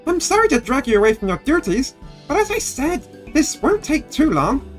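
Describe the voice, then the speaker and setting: Brief: a chirpy, eager helper girl in a game, high and very sing-song. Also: very animated, moderate pace, soft background music. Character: cheerful, bustling young woman helper. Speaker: game character. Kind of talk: video game dialogue.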